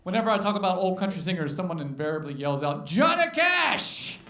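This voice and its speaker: A man's voice: on the high side, rapid-fire. A man doing folksy, self-deprecating stand-up comedy between song parodies on guitar. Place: comedy club stage. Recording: roomy live stage sound. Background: acoustic guitar.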